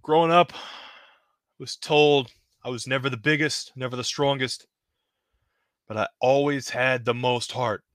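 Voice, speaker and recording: A man's voice: medium pitch, fairly bright tone, no room sound. A man voicing a scrappy, determined wrestler in an earnest promo.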